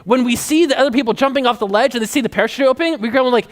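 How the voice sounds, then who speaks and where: This is a male preacher with a notably high voice who talks in a loose, chatty way. He is animated and keeps breaking into playful acted-out voices and laughter. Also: racing, hardly any pauses. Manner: animated, conversational, acts out voices, laughs often. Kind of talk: sermon.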